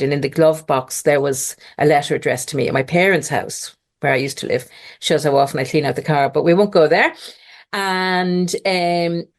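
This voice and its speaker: A middle-aged woman talks on a podcast, her voice sitting a little low for a woman. She tells her story in an animated, conversational way and jumps into other people's voices when she quotes them. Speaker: podcast guest.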